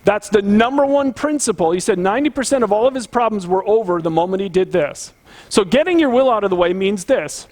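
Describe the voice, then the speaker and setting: A man's voice: high-pitched, expressive, a little fast, darkish tone. A man preaching a conversational sermon as pastor, earnest and emphatic, putting direct questions to the congregation.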